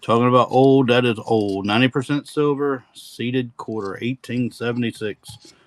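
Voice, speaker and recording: A man's voice: mid-range voice, fairly even intonation, moderate pace, no echo, poor audio. A man hosting a live-stream coin auction with folksy, rambling auctioneer patter.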